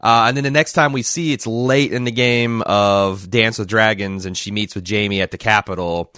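A man's voice: fairly low pitch, normal speed, bright, forceful tone, smooth, dry recording, studio quality. A man hosting a podcast, talking casually in long, rambling turns with frequent restarts. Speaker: podcast host. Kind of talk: casual discussion and read-aloud.

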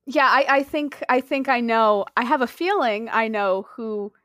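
A woman's voice: fairly high pitch, measured pace, fairly bright tone, no echo, studio quality. A woman playing in a tabletop game, chatting playfully and narrating her character's actions. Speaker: player. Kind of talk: tabletop role-play chat.

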